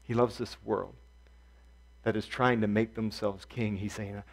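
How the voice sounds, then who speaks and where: A male pastor giving an earnest sermon, repeating key phrases and swinging from hushed, soft passages to loud emphatic ones. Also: on the low side, flat delivery, unhurried, vocal fry.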